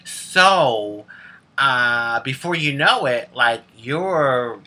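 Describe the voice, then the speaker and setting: Sassy american lady telling stories to camera, super animated voice, cracks herself up. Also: very deep voice, drawn-out words, noisy background. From United States. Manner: sassy, candid, laughs often. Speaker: vlogger. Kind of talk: casual storytelling to camera.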